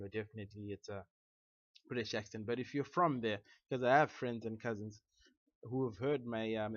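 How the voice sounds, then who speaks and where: A man's voice: mid-range voice, dry recording. A young man talking casually to camera in a loose, rambling, self-deprecating way. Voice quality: chatty, many restarts and fillers, self-deprecating. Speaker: vlogger. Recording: dull lo-fi, dry.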